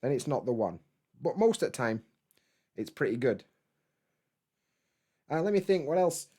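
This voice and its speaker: Bloke, mid-pitched, chatting loosely to his stream from home, casual and sweary. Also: very animated, normal speed, dark tone, husky. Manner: laid-back, rambling, swears freely. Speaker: YouTuber hosting a live stream. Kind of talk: casual live-stream chat reading comments.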